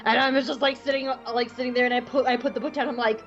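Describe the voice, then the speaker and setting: Excitable high-voiced woman telling a story. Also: fast talker, few pauses, lo-fi sound, soft background music. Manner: excitable, gushing, breaks into squeals. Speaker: podcast co-host. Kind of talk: casual storytelling chat.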